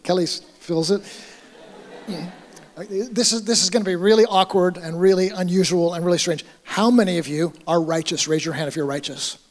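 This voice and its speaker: A middle-aged male pastor preaches in a casual, conversational way, acting out little scenes as he goes. His voice sits fairly high for a man. The sound carries the long reverb of a church hall. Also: fairly even intonation, moderate pace. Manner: conversational preaching with acted-out asides. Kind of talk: sermon.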